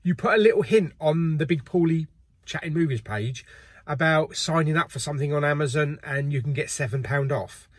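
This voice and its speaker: Brief: middle-aged host, husky and slightly high-pitched, casual and jokey. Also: male voice, fairly quick, dry recording. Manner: chatty and jokey, laughs often. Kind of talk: casual chat.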